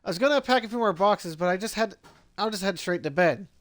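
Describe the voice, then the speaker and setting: A man's voice: high voice, animated, quick pace, fairly bright tone. A man voicing an earnest young male doctor in his first job, read aloud plainly. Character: young male doctor, nervous new resident.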